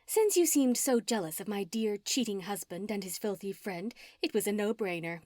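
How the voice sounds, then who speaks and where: A woman's voice: medium pitch, lively intonation, normal speed, a little mellow, no room sound, clean studio sound, natural voice. A woman narrator voicing a scheming, gloating female witch villain in an audiobook, her lines sneering and at times hissed.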